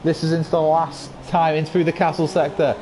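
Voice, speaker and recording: A man with a croaky voice giving excitable live commentary on an online racing league, rising to yells at incidents. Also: fairly high pitch, a little fast, slight background noise.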